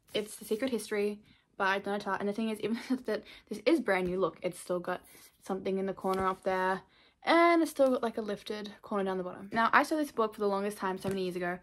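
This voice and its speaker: A young Australian woman with an Australian accent, chatting casually in a rambling book haul vlog from her room, full of "like" and quick asides. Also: mid-range voice. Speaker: book vlogger.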